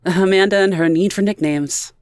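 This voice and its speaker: A timid young woman, as a male narrator puts her on, her voice lifted high and a little unsure. She speaks haltingly in a dry, close audiobook recording. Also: no room sound, close to an everyday voice. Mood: shy. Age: young adult. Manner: hesitant, quiet. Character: shy anxious young woman graduate.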